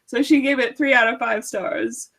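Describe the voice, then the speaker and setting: A woman's voice: fairly high pitch, moderate pace, gravelly, fairly bright tone. A young woman from South Africa co-hosting a casual book club chat, giggling often as she talks. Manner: giggly, chatty, laughs often.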